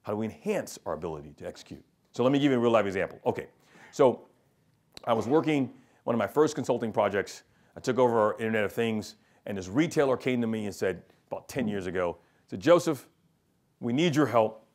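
A middle-aged man gives a lively business talk to students, mixing personal stories with rhetorical questions to the audience. His delivery is animated and conversational, like a seasoned consultant on stage. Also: fairly low pitch, fast. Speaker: keynote speaker and consultant. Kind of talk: storytelling business presentation to students.

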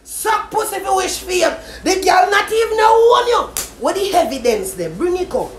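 A woman with a Jamaican Patois accent in a loud, cursing, taunting social media rant. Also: very high-pitched, very animated, moderate pace. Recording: echoey room with faint noise.

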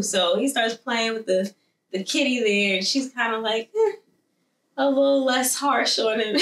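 Animated woman recapping a show, echoey room. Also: a little high, normal speed. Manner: animated storytelling, acts out characters' lines. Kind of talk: casual recap chat. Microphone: wireless mic. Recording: echoey room, mic at a distance.

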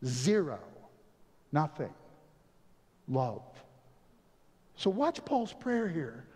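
A male pastor giving a sermon, moving between quiet, low asides and loud, emphatic passages, and often chuckling as he talks to the congregation. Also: sing-song, drawn-out words, breathy edge. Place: church sanctuary. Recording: long reverb of a church hall.

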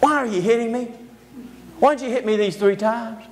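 A man's voice: extremely high pitch, moderate pace, slight background noise, pitched above the performer's own voice. A man voicing a loyal, wounded talking donkey who asks plaintive questions. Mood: hurt.

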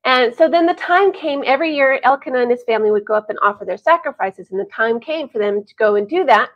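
A woman telling a Bible story to families, animated and chatty, with sighs and laughs. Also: high-pitched, quick pace. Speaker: Bible teacher. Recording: dull lo-fi recording.

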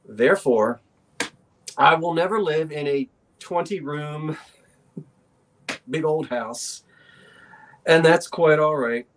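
Folksy man with a higher voice. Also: slow pace, pauses often. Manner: warm, folksy, gently enthusiastic. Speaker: auction co-host. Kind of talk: live online auction chat.

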